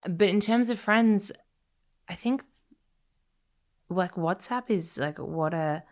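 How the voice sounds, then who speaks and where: Speaking slowly in a mid-range voice, an Australian writer living in Scotland reflects in a casual interview. Her conversational talk is full of fillers and restarts, punctuated by frequent small laughs.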